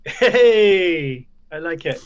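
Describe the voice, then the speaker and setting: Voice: mid-range voice, expressive, drawn-out words, smooth, muffled recording. A participant in a casual group chat, reacting to jokes with laughs and short comments.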